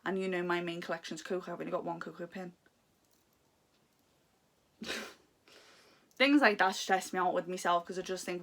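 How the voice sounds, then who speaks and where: A woman's voice: fairly low pitch, fairly even intonation, brisk, fairly bright tone. A young woman vlogging at home, talking in a heartfelt, confiding, rambling way about her life. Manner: heartfelt, confiding, talks in long rambling runs. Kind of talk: candid personal vlog chat. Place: home room.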